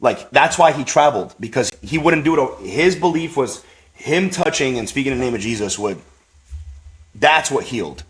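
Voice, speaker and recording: Animated man telling a faith story. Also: mid-range voice, moderate pace. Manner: rambling, full of "like" and "you know"; animated, acts out quoted voices. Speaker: podcast guest. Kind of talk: personal testimony storytelling.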